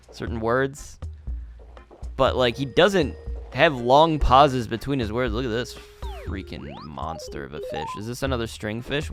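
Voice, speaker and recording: Rambling young man over gameplay. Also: medium pitch. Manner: rambling, restarting sentences, laughing often. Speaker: gaming channel host. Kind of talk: casual commentary over gameplay.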